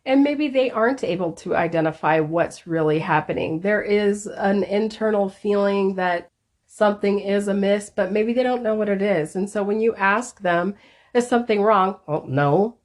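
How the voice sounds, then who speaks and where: A woman's voice: medium pitch, moderate pace. A woman co-hosting a podcast, chatting casually and often agreeing with short affirmations. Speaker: podcast co-host. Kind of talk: casual chat.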